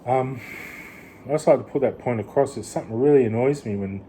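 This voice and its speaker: A man's voice: medium pitch, fairly quick, dark tone, a little hiss or hum. A man talking in a rambling vlog monologue, full of restarts and "you know". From Australia. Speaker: vlogger. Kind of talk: casual rambling monologue to camera.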